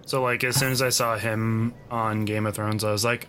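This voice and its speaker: A man's voice: lowish voice, level tone, moderate pace, a bit bright. Wry male podcaster, faint hiss. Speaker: podcast host. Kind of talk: casual chat.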